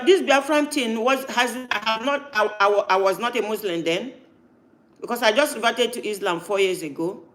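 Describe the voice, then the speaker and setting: A man's voice: high-pitched, fairly bright tone. A man hosting a live stream, talking insistently and cutting in with repeated no's. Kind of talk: heated live-stream talk.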